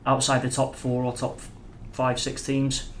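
A man joins a casual sports radio chat about football. He speaks in a flat, even tone, measured and thinking aloud. Faint background hiss runs under his voice. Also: medium pitch.

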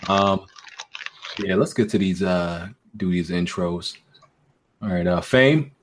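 A man hosts a gaming podcast in a laid-back, teasing manner. His voice sits fairly low and he keeps things loose and conversational. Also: slow pace, a little hiss or hum. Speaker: podcast host. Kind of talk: casual gaming podcast chat.

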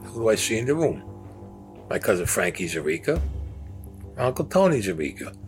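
A man's voice: fairly low pitch, big pitch swings, brisk, soft background music. An older man telling his own crime story in an interview, in blunt, profane street talk. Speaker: former mobster interviewee.

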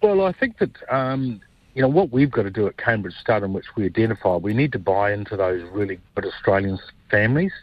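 A man's voice: on the low side, fairly quick, no echo. A man, a racehorse owner telling stories in a casual radio interview, rambling and restarting as he goes. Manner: chatty, rambling with restarts, animated when telling anecdotes. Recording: dull lo-fi phone-like line.

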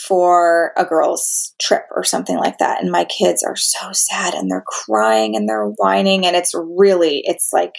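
A woman's voice: fairly low pitch, measured pace, vocal fry, few pauses. A woman hosting an interview, talking in a chatty way with many fillers and an occasional sigh. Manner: chatty, filler-heavy, with sighs. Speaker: interview host. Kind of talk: casual interview chat.

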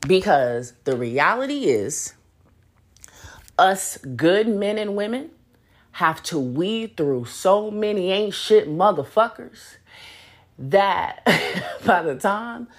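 A young adult woman hosting a solo podcast, talking in a blunt, profane and animated way. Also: medium pitch. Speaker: podcast host. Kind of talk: casual solo podcast rant.

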